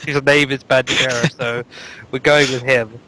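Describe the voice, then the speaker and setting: A man co-hosts a casual live chat show from a home microphone on an online call. He rambles through the list with jokes and plenty of ums and uhs. His voice sits at an ordinary middle pitch. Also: flat delivery, moderate pace, pushed and bright, low-quality recording. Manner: rambling, joking, lots of fillers. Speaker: co-host reading out new speedruns.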